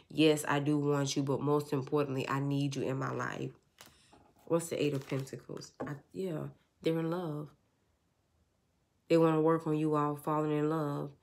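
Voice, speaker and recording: A tarot reader giving a channeled love reading in a casual, earnest, repetitive way, often speaking for an unseen person. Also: medium pitch. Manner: casual, informal.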